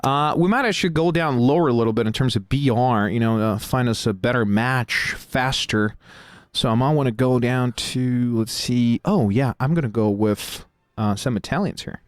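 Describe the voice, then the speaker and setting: A man's voice: mid-range voice, normal speed, clear, resonant tone, no room sound, clean studio sound. A man hosting a live game stream, chatting casually with lots of fillers and restarts. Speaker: stream host.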